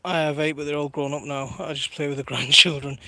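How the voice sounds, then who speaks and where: A man's voice: fairly high pitch, fairly even intonation, a little fast, pushed and bright. A man in his thirties chatting casually on a live stream from his garden while minding his toddler, laughing often and reading viewer comments aloud. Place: outdoors in a garden.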